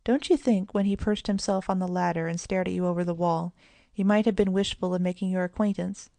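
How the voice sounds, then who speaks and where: A woman voicing a sensible, kindly mother of two children, speaking gravely and gently. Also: fairly low pitch, fairly even intonation, fairly quick, dry recording. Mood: gentle.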